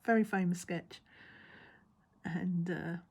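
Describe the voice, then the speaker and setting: A woman's voice: fairly low pitch, steady tone, slow pace, darkish tone. A woman chatting casually as she works on a craft, mumbling and half-whispering to herself. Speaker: crafting vlogger. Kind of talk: casual chat while crafting.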